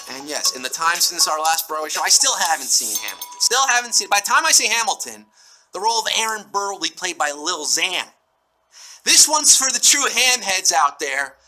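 Bright, punny quiz show host. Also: male voice, high voice, rough recording. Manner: playful, punning, breaks into song snippets. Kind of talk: live mobile trivia hosting.

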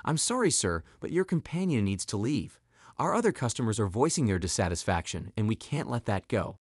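A man's voice: on the low side, sing-song, fairly quick, husky, dry recording, clean studio sound. A man voicing a restaurant manager who speaks formally and stiffly.

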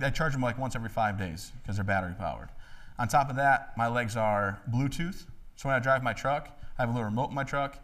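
A man in his thirties giving a joking, animated talk to a live audience in a hall. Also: mid-range voice. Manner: joking, animated, acts out voices. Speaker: motivational speaker.

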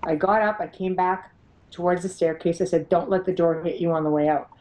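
A middle-aged woman, a paranormal investigator, telling her experiences as an interview guest, animated and laughing often as she acts out what others said. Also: lowish voice, a little fast, slight background noise, low-quality recording. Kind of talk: storytelling in an interview.

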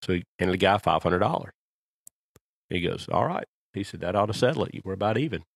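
Podcast guy with a real deep gravelly voice, rambles through long stories, dry close sound. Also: expressive, fairly quick, dry recording. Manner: rambling storyteller. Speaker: podcast co-host. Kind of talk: casual chat.

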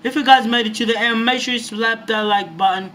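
A young man commentating his own gameplay, excitable and jumpy, swearing often. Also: very high-pitched, fairly quick, slight background noise. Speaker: gaming YouTuber.

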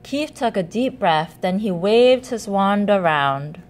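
A woman reading a children's picture book aloud as storyteller, in an animated, expressive way. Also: mid-range voice, takes it slowly.

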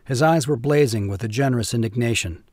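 A man reading a classic war story aloud at a measured, even pace. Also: mid-range voice, no echo, studio quality. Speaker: audiobook narrator.

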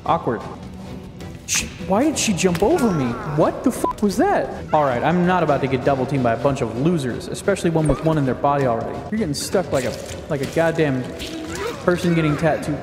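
A young man with a fairly high voice cracks jokes and swears freely while trash-talking the enemies in his game. His let's play commentary sits in a roomy space with a long reverb tail. Faint music plays behind him. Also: expressive, a little fast. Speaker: gaming video creator.

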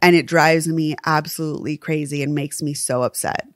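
Lower-voiced woman podcast co-host, heated and profane, dry close mic. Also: steady tone, normal speed, no echo. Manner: impassioned, swears freely. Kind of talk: casual true crime chat.

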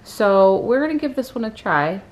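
A woman in her thirties talking casually to camera in her home kitchen, relaxed and chatty with frequent ums. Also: on the high side, moderate pace, slight background noise. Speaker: vlogger mother. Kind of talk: casual family vlog chat.

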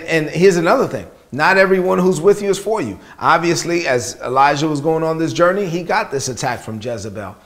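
A man delivering a sermon in an earnest, emphatic way. His voice sits on the higher side and he repeats his phrases to drive them home. He swings between building intensity and hushed, soft passages. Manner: dramatic storytelling, rising intensity then hushed. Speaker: preacher.

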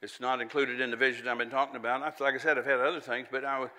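A man's voice: medium pitch, little pitch movement, quick pace, sharp tone, in a large hall. A man preaching a sermon in a folksy, conversational way, with chatty asides and little laughs.

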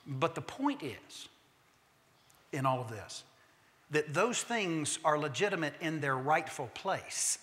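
A male pastor delivers a sermon in a church sanctuary, telling stories emphatically and slowing down to land his key points, with the odd humorous aside. His voice is bright and forceful, sitting a little higher than most men's. A long reverb trails every phrase around the room. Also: animated. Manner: emphatic storytelling preacher who slows for key points.

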